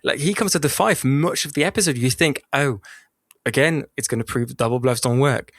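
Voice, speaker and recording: Young male host from North London, playful and animated, on a dry recording. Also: mid-range voice, fairly quick, dry recording. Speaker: podcast host. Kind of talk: casual podcast chat.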